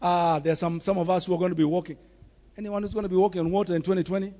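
A man delivers a sermon in a high voice, pressing each point with emphatic repetition. The recording sounds dull and lo-fi, with the top end muffled. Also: level tone, rapid-fire, warm tone. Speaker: preacher.

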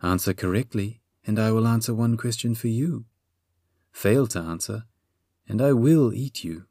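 A man's voice: fairly low pitch, mellow, no room sound, clean studio sound, voice pushed up. A man doing a crafty stone sphinx. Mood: stately. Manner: slow, stately riddling speech. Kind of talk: audiobook character voice.

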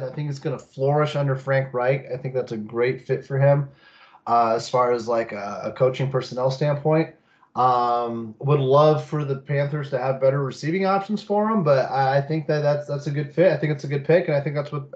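A man hosting a casual sports podcast, rambling with lots of fillers and quick laughs. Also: on the high side, a little mellow. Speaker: podcast host. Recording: slightly muffled mic.

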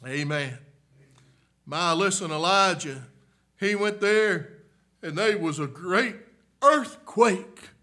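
A man preaching a revival sermon, swinging from hushed murmurs to shouted peaks and coming back again and again to a "my, listen, friend" refrain. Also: sits high, slow, pauses often.

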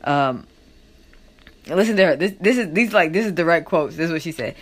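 A woman's voice: on the low side, fairly quick, long pauses. A woman giving chatty commentary on a news story, full of fillers and reading quotes aloud. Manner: chatty, filler-heavy, loud animated quotes and laughter. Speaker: commentary vlogger.

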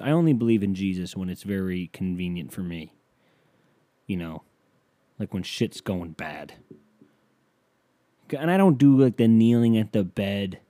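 A man hosts his podcast solo in a loose, comedic monologue, swearing freely and bursting into mock shouts. His voice sits on the low side with a soft, mellow tone. The sound is dry and close, with little room around it. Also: dry recording. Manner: profane, ranting, mock-yells in bursts. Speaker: podcast host.

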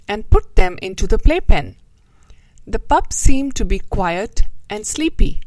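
Woman host reading a storybook aloud: slow, lilting, dry close sound. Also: medium pitch, no echo, low-quality recording. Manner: slow, expressive, gently moralizing. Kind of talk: storybook reading with a moral talk.

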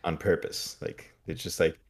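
A man co-hosting a podcast in casual chat, giving wry, critical commentary. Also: normal speed. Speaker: podcast co-host.

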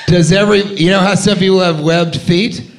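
A man hosting a live comedy podcast, riffing loudly with laughter and crude jokes from a club stage. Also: high-pitched. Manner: loud, laughing, profane riffing. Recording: live club recording with crowd noise. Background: laughing live audience.

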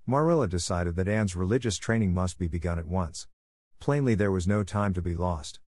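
A male audiobook narrator reading in a steady, even way. His voice sits on the low side, and the close mic gives a dry sound with no room echo. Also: brisk. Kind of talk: scripted narration.

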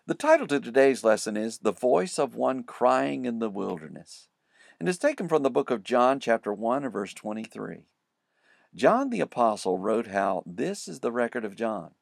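A man's voice: mid-range voice, sing-song, moderate pace, creaky, no echo, studio quality. A man teaching a verse-by-verse Bible study, praying and then explaining each word of the scripture in turn.

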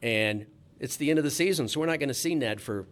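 A man's voice: medium pitch, fast talker. A man, a sports reporter, telling a casual anecdote in a chatty, easygoing way with frequent restarts.

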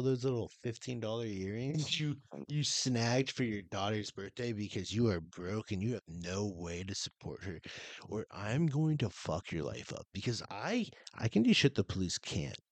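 A thuggish store private investigator growls threats under his breath, voiced by a man. The voice sits low and quiet. The sound is close and dry. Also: animated, normal speed, no room sound. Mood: threatening.

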